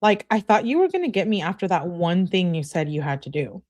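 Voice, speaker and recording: A woman voices a young girlfriend who complains and pleads in every text. The pitch sits somewhat higher than the reader's usual, and the tone is nagging and needy. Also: sing-song, brisk, darkish tone. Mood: whiny. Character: whiny young woman texting her boyfriend.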